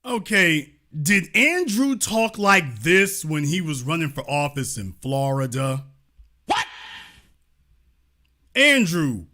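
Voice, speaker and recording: A man with a very high, bright and sharp voice, talking with a lilt. He comments on played clips with biting sarcasm and swings into loud, heated outbursts.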